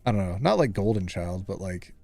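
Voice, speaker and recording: A male streamer chats with his live audience in a playful, teasing manner, his pitch swinging widely from low mutters to high exclamations. The sound is dry and close, with light music faint underneath. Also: a little fast, creaky, dry recording. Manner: playful, animated, teasing, reading chat aloud. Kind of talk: casual live-stream chat.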